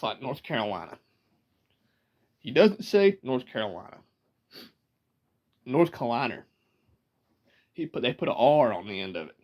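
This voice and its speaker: On the higher side and a little mellow, this Southern-accented man from Georgia talks to the camera in a relaxed way. His subject is regional accents, and he drifts into asides and laughs often.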